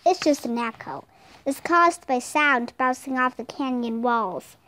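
A woman's voice: sits high, a little slow, pushed and bright. Woman reading as a sensible, studious boy. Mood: matter-of-fact.

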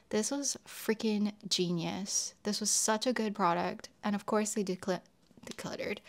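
Young woman, beauty vlogger, casual chat to camera, chatty, exclaiming, mid-pitched voice. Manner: chatty, exclaiming, talking through each item.

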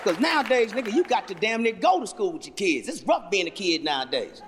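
A man performing stand-up comedy, profane, loud and animated in his storytelling. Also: high voice, brisk, background noise. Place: large venue with audience. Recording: live hall with loud crowd.

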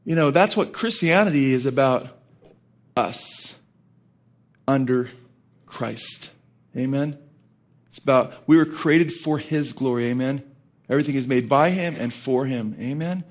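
A man's voice: mid-range voice, unhurried, pauses often. A middle-aged man preaching a sermon as pastor, conversational and rambling, full of fillers and asides.

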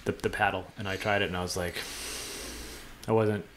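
A man co-hosting a podcast in casual chat, talking in quick bursts with stumbling restarts and repeated words. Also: sits low, fairly even intonation, fairly bright tone, slight background noise. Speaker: podcast co-host.

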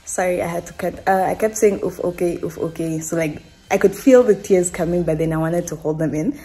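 A young Namibian woman vlogs to camera at home, rambling emotionally with fillers and restarts. Her voice sits on the low side, a bit fast and warm, with soft music in the background.

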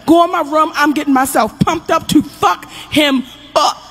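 A middle-aged woman comedian telling a long, loud, profane stand-up story, acting out the people she quotes. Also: high voice, normal speed, soft background music.

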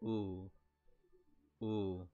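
A young man commentating his own video game match live, excitable and laughing, swearing and trash-talking as he plays. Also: low voice, drawn-out words, lo-fi sound. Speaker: gaming streamer.

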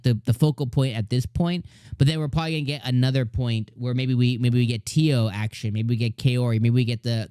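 Excited man reviewing anime. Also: mid-range voice, dry recording, clean studio sound. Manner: enthusiastic, acts out character lines. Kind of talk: casual review monologue.

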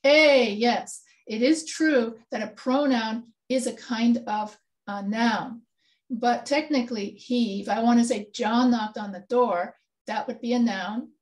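A woman's voice: fairly high pitch, unhurried. A woman instructor leading an online grammar review, patiently quizzing students with questions. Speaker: writing instructor. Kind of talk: online class session.

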